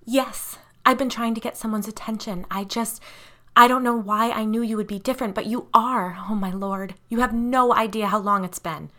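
A woman's voice: a little high, fairly even intonation, moderate pace, pushed and bright, voice pushed up. A woman voicing a distraught young woman's ghost who pleads urgently and tearfully in an audiobook-style story.

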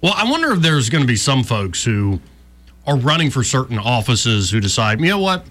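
A man's voice: medium pitch, moderate pace. A man hosting casual political talk, chatty with frequent restarts. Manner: chatty, animated, some verbal restarts. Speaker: talk radio host.

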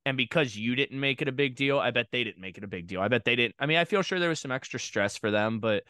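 A man co-hosting a podcast, an animated storyteller who acts out what people said. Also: mid-range voice, quick pace, clear, resonant tone, no echo, clean studio sound. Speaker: podcast co-host, diving coach. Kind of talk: podcast interview.

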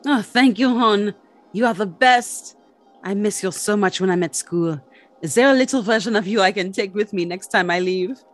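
A tabletop player voicing a charming young alien woman who flatters and schemes, over faint music. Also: medium pitch, moderate pace, voice pushed up, lightly acted. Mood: gushing. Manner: sweet, flattering, performatively cute.

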